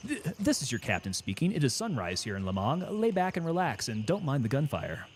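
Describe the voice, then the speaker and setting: A man voicing a calm male airline captain making an in-flight announcement, with a smooth, soothing broadcaster delivery. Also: medium pitch, brisk, slight background noise, natural voice.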